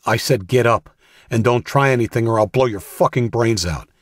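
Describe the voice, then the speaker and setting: A man voicing an injured, desperate teenage boy who shouts tense, aggressive orders in an audiobook. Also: on the low side, normal speed, no echo, studio quality, natural voice.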